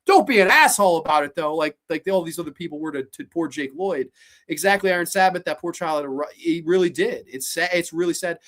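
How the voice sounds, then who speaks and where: A host in their late twenties, chatting casually on a live stream, animated, swearing freely and often restarting sentences. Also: medium pitch, quick pace. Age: late 20s. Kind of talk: casual live stream chat, reacting to viewer comments.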